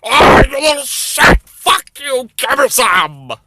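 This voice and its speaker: A man voicing a starving, shackled man who shouts crude pleas and curses. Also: very high voice, big pitch swings, takes it slowly, no room sound, pitched above the performer's own voice, full character voice. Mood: whining.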